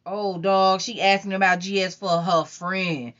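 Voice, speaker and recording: A woman's voice: lowish voice, a little fast, a bit bright, lightly acted. Woman doing a crude cocky young man. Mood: teasing. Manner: crude, teasing, suspicious. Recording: dull lo-fi recording.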